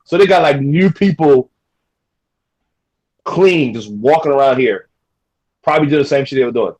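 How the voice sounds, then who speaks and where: A man's voice: mid-range voice, expressive, normal speed, darkish tone, muffled recording. A man from Louisiana chatting casually over a video call, rambling and repeating himself in slangy talk.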